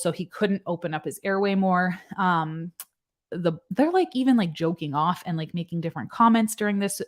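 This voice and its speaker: A woman nurse giving casual commentary, explaining medical points in plain, conversational terms. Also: on the low side. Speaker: nurse reacting to a news case.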